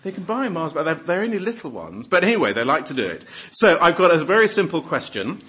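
Husky preacher, playful. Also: male voice, fairly high pitch, quick pace. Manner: lively, joking, breaks off and restarts. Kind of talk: sermon with audience questions.

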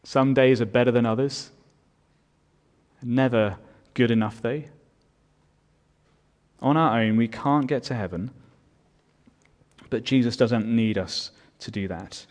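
A man's voice: mid-range voice, slow pace, pauses often, a little mellow. A man preaching a sermon as pastor, earnest and building in volume on his key points.

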